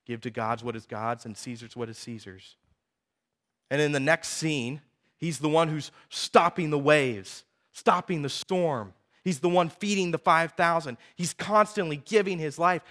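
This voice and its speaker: A man in his thirties preaching a sermon, telling personal stories in a lively, conversational way with frequent asides to the audience. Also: fairly high pitch, normal speed. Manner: animated storytelling, conversational asides.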